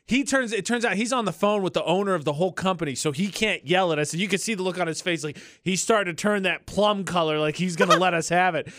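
Man radio host, lively storyteller. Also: high voice, fast talker, few pauses, no echo. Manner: storytelling, laughs often, animated. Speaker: radio morning show host. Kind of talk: casual radio banter. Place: radio studio. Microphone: studio microphone.

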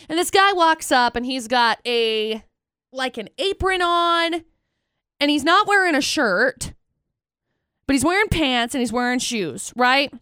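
A woman co-hosting a radio show, telling animated stories and laughing often. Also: high-pitched, a little slow, dry recording, clean studio sound. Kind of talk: casual radio banter and anecdote. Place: radio studio.

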